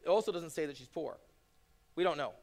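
A man's voice: a little high, brisk, darkish tone. A man in his thirties preaching a sermon, telling stories earnestly and building into impassioned preaching. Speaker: pastor.

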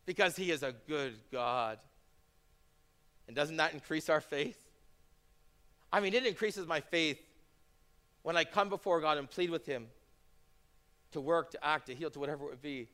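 Bright-voiced earnest man preaching. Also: on the high side, moderate pace, pauses often. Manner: earnest storytelling that builds into impassioned preaching. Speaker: pastor. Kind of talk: sermon.

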